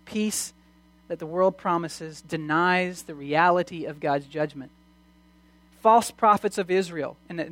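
A preacher giving a sermon, reading scripture slowly and swinging between hushed and loud emphasis, with frequent restarts. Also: mid-range voice. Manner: reads scripture aloud slowly.

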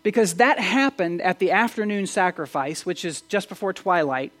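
A man preaching a sermon as pastor, animated and asking his listeners questions, with frequent restarts. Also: high-pitched, normal speed. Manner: animated, asks the audience questions, many restarts.

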